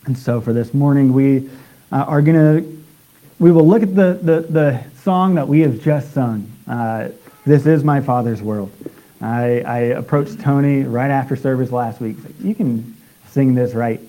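Halting male preacher, dull recording. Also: medium pitch. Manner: halting, many restarts and filler sounds. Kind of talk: sermon.

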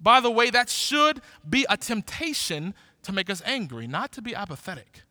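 A man in his forties preaching a sermon in a lively, conversational way, often restarting his words. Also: high voice, moderate pace, dry recording, studio quality. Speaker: pastor.

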